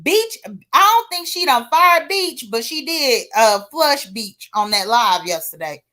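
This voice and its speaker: Woman, gossip vlogger, sassy, very animated delivery, bright tone. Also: sits high, a little slow. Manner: animated, sassy, laughing asides. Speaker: livestream commentator. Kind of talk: casual gossip commentary.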